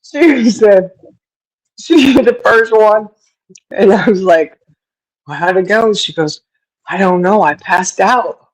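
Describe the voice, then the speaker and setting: A woman chatting casually on a talk stream, spinning a story with frequent laughter. She jumps her pitch up when she quotes other people and drops in folksy sayings. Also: slow pace, long pauses, low-quality recording. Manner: mimics others with raised pitch. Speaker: podcast co-host. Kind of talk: casual chat.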